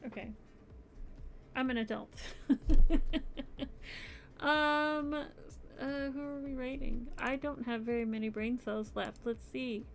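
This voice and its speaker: A woman's voice: a little high, steady tone, unhurried, gravelly, faint music behind. A young adult woman streaming her crochet, chatting casually and sounding sleepy and yawny. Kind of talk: casual live-stream chat.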